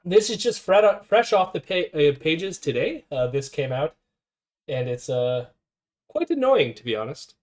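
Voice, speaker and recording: Man, stream host, sarcastic commentary, animated pitch. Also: unhurried. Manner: sarcastic, laughs often, mocks quoted voices. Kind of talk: casual political commentary stream.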